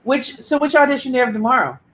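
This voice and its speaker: Chatty older woman with a slightly high voice. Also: expressive, fast, fairly bright tone. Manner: chatty, self-deprecating, laughs often. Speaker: co-host. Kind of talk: casual live chat.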